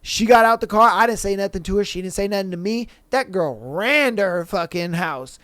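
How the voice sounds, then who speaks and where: A podcast host with a high, smooth, clear voice spins a rambling personal story in loose, profane slang. He keeps slipping into the other people's voices as he goes. The sound is dry and close, with no room around him. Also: lively intonation, fairly quick, a bit bright, no room sound. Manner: profane, rambling anecdote with quoted dialogue. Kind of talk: casual storytelling.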